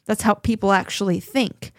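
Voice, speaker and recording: Woman podcast cohost, chatty and animated, keeps restarting, dry close mic, mid pitch. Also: normal speed, no echo. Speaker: podcast co-host. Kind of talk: casual conversation.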